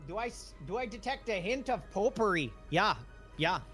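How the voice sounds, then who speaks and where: A male guest joking through casual chat, playful and hammy, and ending his lines with "eh." His voice sits high and swings widely in pitch. The tone is bright, with faint music behind him. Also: animated, moderate pace, husky.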